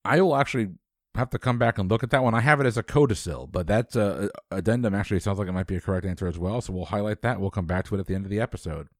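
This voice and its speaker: Man quizmaster, low voice, dry close sound, brisk delivery with dry asides. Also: no room sound. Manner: brisk, dry quips between questions. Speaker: trivia quiz host. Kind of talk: reading trivia questions.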